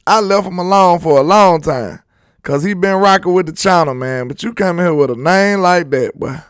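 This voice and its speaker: A young man hosting a sports live stream, reading chat and loudly teasing viewers with laughter. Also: on the high side, moderate pace, clear, resonant tone, no room sound, studio quality. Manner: loud trash talk, laughing and teasing viewers. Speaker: sports channel host.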